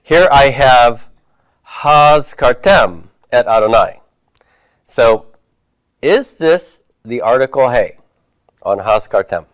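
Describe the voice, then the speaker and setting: A man's voice: medium pitch, expressive, takes it slowly, pauses often, clear, resonant tone, dry recording. A man teaching a Hebrew class, reviewing homework and patiently asking his students questions before answering them himself.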